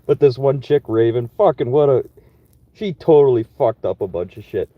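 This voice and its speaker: A man's voice: mid-range voice, lively intonation, moderate pace, dry recording. A young man from Manitoba, Canada, rambling in a laid-back, profane, chatty way about his construction job. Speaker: construction worker vlogging. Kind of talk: casual rambling monologue. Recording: dull lo-fi sound.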